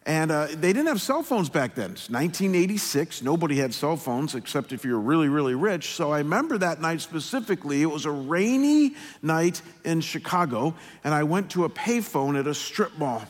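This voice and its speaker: A middle-aged male pastor telling a personal story in a sermon, slow and earnest, often pausing. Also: a little high, expressive. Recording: long hall reverb.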